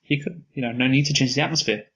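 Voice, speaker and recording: A man's voice: medium pitch, fast talker, fairly bright tone, slightly rough, poor audio. A man co-hosting a casual film review podcast, chatty and agreeable, peppering his talk with "like". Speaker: movie review podcast co-host.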